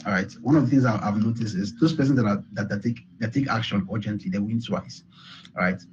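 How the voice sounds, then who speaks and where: A man's voice: lowish voice, quick pace, highs cut off, noisy background. A man giving a repetitive, emphatic motivational talk on a call, often saying "all right". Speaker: speaker on a group call.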